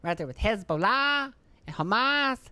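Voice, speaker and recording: A man putting on a high, sing-song caricature voice for boastful militant men, chanting in mockery. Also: very animated, moderate pace, sharp tone, clean tone, dry recording, exaggerated voice. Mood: mocking.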